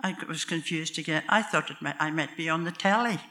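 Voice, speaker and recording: A woman's voice: deep voice, fairly quick, very noisy. An older woman with a Northern Irish accent telling a true story from her own life at a live storytelling night, in a homely, wry, self-mocking way. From Northern Ireland.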